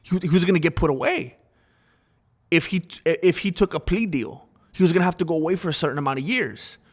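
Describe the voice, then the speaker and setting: Male commentary host, casual and animated, loops back on his points, voice sits a little high. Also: a little fast. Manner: animated, repetitive, acts out quoted voices.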